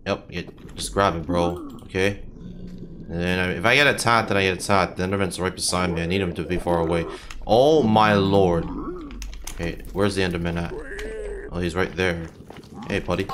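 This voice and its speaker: A man's voice: deep voice, fairly even intonation, normal speed, background noise. A young man giving casual, frustrated gameplay commentary, swearing often and yelping when he gets hit. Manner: frustrated, swears a lot, yelps at hits. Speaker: gaming channel host.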